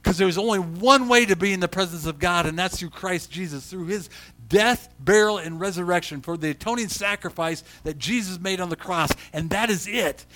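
A man preaching a sermon as a pastor. He swings from quiet storytelling to loud emphasis and often repeats words when he restarts. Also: high-pitched.

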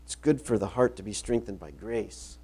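A man's voice: fairly low pitch, normal speed, warm tone, slightly rough. A middle-aged male pastor preaching a sermon, reading scripture aloud and repeating key phrases for emphasis.

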